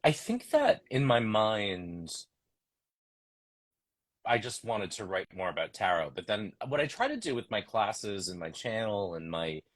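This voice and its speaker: Deep husky-voiced man, thoughtful. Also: sing-song, a little slow. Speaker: author and tarot teacher. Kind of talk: casual interview chat.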